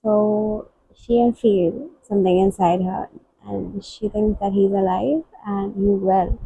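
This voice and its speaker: A woman book vlogger giving soft, halting and emotional reactions while reading. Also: mid-range voice, steady tone, vocal fry, muffled recording, slight background noise.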